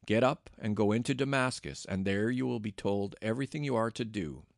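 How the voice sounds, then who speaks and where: A man reading the words of the Lord as a calm, authoritative divine voice giving commands. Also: lowish voice, fairly quick, gravelly, no room sound, clean studio sound. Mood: commanding.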